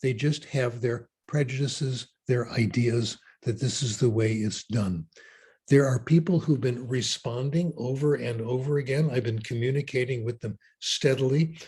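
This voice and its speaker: A man giving a keynote talk and answering audience questions in an opinionated, animated way with wry asides. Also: mid-range voice, normal speed, husky. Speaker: keynote speaker.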